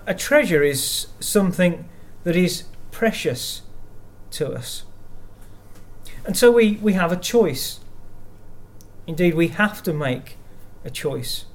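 A man giving a sermon, speaking in a measured way and reading verses aloud. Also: fairly high pitch. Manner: slow, measured delivery with verses read aloud. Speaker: preacher.

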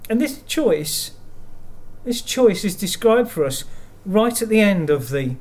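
A man giving a sermon, speaking in a measured way and reading verses aloud. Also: high-pitched, big pitch swings, a little mellow. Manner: slow, measured delivery with verses read aloud. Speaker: preacher.

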